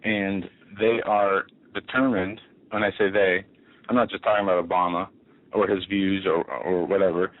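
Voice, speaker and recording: A man with a low voice co-hosts a talk radio show, laying out his points assertively and stringing examples together. His voice comes through a narrow, phone-like channel. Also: level tone, moderate pace. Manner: assertive, declarative, runs through lists. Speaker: radio co-host. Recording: tinny phone-line sound.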